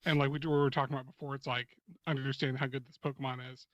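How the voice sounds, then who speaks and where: A man who is a guest on a podcast, talking in a halting way with many restarts, amused by the show he discusses. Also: medium pitch, little pitch movement, a bit bright, no room sound, lo-fi sound. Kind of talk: casual podcast chat.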